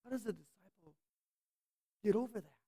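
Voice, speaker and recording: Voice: medium pitch, a little fast, gravelly, dark tone, breathy edge. A preacher delivering a sermon, emphatic, drawing words out and pressing the listeners with rhetorical questions.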